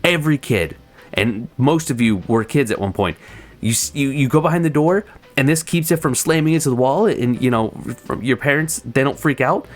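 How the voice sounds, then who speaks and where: A let's-play host giving casual gameplay commentary with chatty, excitable asides. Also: mid-range voice, normal speed.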